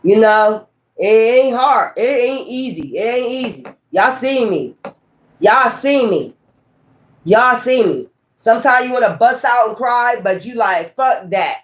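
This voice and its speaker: A woman's voice: fairly high pitch, animated, measured pace. A woman tarot reader chatting casually and bluntly to her viewers, swearing freely and repeating herself for emphasis. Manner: repetitive, talks straight to viewers. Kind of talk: casual tarot reading chat.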